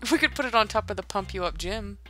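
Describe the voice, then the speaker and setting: A woman's voice: medium pitch, animated, fast, pushed and bright, soft background music. A woman chatting casually while playing a building game, musing aloud with hesitant asides and giggles. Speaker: Minecraft let's-play host. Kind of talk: casual gameplay chat.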